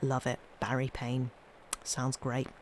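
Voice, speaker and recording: A woman's voice: a bass voice, monotone, takes it slowly, a little hiss or hum. Wry woman reading ghost stories. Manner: chatty, wry, trailing off quietly. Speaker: storyteller streaming live readings. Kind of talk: reading ghost stories aloud with casual chat between.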